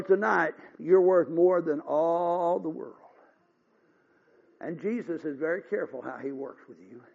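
High-voiced older preacher man, earnest. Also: vocal fry. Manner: folksy, earnest preaching with rising exhortations. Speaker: pastor. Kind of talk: revival sermon. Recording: dull lo-fi recording.

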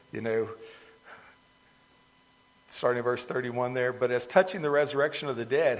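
Folksy preacher man in an echoing hall. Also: medium pitch. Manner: conversational, folksy, addresses listeners as folks. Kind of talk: sermon. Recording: dull lo-fi sound with long hall reverb.

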